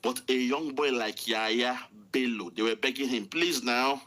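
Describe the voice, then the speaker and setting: A man with a Nigerian accent, working as a political commentator, delivers a furious, insulting rant and keeps repeating himself. His voice is medium in pitch and fairly bright, with a steady tone and a moderate pace.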